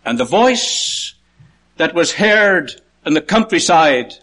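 A man preaching a sermon, counting points through a passage, lifting his voice high to call out quoted words and dropping low for quiet asides. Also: sing-song, slow.

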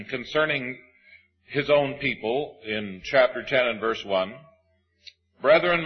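A man delivers a sermon, reading scripture in a husky, measured voice. He slows down to lean on the words he wants to stress. The recording sounds slightly dull and lo-fi. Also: mid-range voice. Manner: measured, emphatic preaching with slow stresses. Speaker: preacher.

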